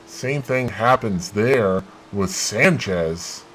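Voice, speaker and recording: A man hosting a gaming channel, giving excitable play-by-play of his racing game and bursting into loud exclamations. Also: fairly low pitch, drawn-out words, slight background noise, poor audio.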